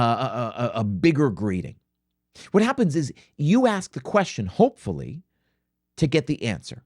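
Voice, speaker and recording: Emphatic guy coaching restaurant owners, lively pitch, dry close sound. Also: no room sound. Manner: emphatic, rhetorical "right?" tags. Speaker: restaurant consultant, show host. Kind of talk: coaching talk to camera.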